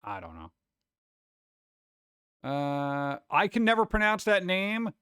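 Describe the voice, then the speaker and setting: A man's voice: sits high, big pitch swings, slow, pushed and bright, clean tone, dry recording, studio quality. A man live-streaming, rambling and joking in casual chat as he reacts to viewers.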